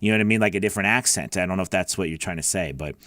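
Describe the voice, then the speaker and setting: A man's voice: low voice, very fast, fairly bright tone, no room sound, studio quality. A man hosting a live voice-over Q&A, earnest and encouraging, rambling with fillers as he answers viewers. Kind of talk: motivational live stream chat.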